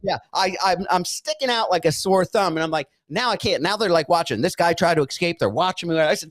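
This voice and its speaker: A man's voice: high-pitched, fairly quick, few pauses, dry recording. A man telling a rehab story in casual podcast chat, laughing often and acting out what people said. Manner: animated storyteller, yells out quoted lines, laughs often.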